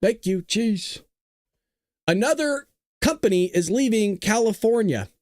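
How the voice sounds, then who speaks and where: A man in his thirties hosting a casual talk show, telling stories in an animated, joking way and laughing often. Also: high-pitched, measured pace, dry recording, clean studio sound. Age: 30s. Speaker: host of a political talk show. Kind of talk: casual livestream talk and storytelling.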